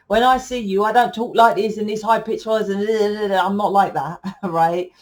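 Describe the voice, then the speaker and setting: A woman, a tarot reader talking to viewers in a loud, rambling, casual spiritual monologue that keeps correcting itself. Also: mid-range voice, steady tone, moderate pace.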